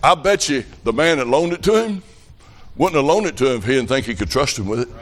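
A man's voice: medium pitch, expressive, quick pace, fairly bright tone. A man preaching a revival sermon, telling folksy country stories with fervent emphasis. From rural farm upbringing.

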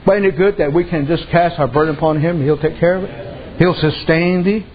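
Here a reservation pastor from a Native American community delivers a sermon full of folksy stories, playing the people he describes. His husky voice runs a little high and a little fast. The highs in the audio are cut off.

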